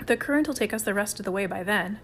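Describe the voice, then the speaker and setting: A woman voicing a brisk, bossy boy camper who barks orders like a mock ship's captain. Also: medium pitch, animated, a bit bright, a little hiss or hum, lightly acted. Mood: confident. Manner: crisp, commanding, playful mock-sailor.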